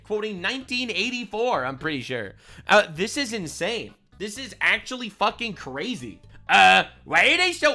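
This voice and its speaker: A man's voice: fairly high pitch, very animated, moderate pace, pushed and bright, faint music behind. A man delivering ranting commentary, sarcastic and full of profanity, with angry outbursts. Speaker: online commentator.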